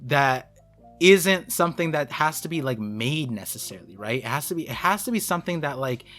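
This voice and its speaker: Bright-voiced man, rambling fast. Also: on the high side, animated, soft background music. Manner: rapid, rambling, filler-heavy explaining. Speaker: guest co-host. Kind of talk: casual podcast chat.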